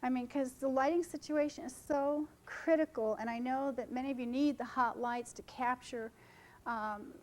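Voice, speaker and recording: A middle-aged woman talks photographers through her wedding work in a loose, chatty seminar style. Her voice sits a little high, and she jokes with the audience and jumps from one point to the next. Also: steady tone, moderate pace, darkish tone, rough recording. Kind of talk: informal seminar talk to photographers. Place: conference room.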